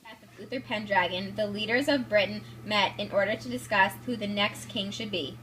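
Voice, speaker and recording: A woman's voice: mid-range voice, moderate pace, fairly bright tone, slight background noise, poor audio. A young woman narrating a student history video project in a plain reading voice. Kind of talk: amateur school video narration.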